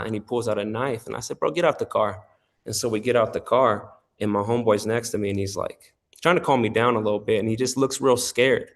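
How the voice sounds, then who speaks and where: Animated man telling his testimony. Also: lowish voice, gravelly. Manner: animated storyteller, acts out quoted voices, laughs often. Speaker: interview guest. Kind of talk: casual testimony storytelling.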